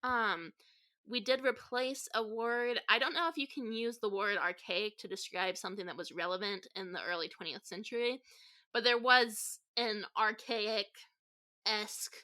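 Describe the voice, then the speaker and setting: A woman's voice: mid-range voice, a little slow, pushed and bright. A woman hosting a casual podcast discussion, moving the talk along between topics with frequent ums. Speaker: podcast host.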